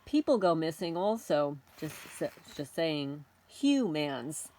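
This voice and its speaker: A woman's voice: deep voice, sing-song, slow pace, mellow, a little hiss or hum. A middle-aged woman hosting a homesteading channel, delivering an indignant, confrontational rant aimed at unseen tormentors. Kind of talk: ranting monologue to camera.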